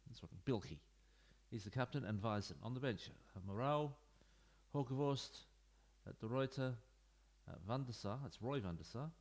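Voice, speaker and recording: A gaming YouTuber with a medium-pitched voice talks at a moderate pace as he plays a football management game in a room at home. His let's-play commentary is casual and rambling, full of offhand asides to viewers, picked up by a desk mic plugged into his computer.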